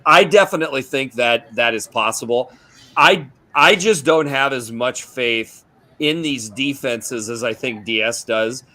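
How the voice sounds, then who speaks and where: A man's voice: medium pitch, bright, forceful tone. A man with a Minnesota accent, a guest on a sports radio show, talking casually about college football picks with frequent restarts. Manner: halting, restarts, easygoing.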